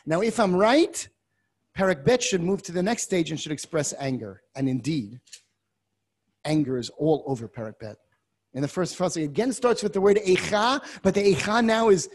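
A man teaching a class on a biblical text, moving from quiet asides to loud, impassioned readings and using many Hebrew terms. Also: high voice, lively intonation, moderate pace. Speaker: Torah teacher.

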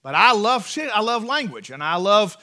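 A man with an Appalachian accent preaching a sermon from the pulpit in a folksy way, repeating words and building to loud, emphatic peaks. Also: sits high, big pitch swings, moderate pace. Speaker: pastor. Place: church sanctuary.

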